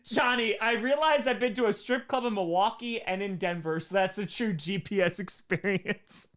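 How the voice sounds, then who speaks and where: A man's voice: high-pitched, normal speed, a bit bright, slight background noise. A man hosting a livestream, casually reading viewer messages aloud, joking and laughing often. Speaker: livestream host.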